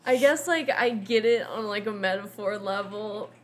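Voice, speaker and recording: A woman's voice: medium pitch, normal speed, slight background noise. A woman co-hosting a casual podcast chat, talking loosely and filling her sentences with 'like'. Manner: chatty, heavy use of 'like', laughs often. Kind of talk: casual chat reviewing a film.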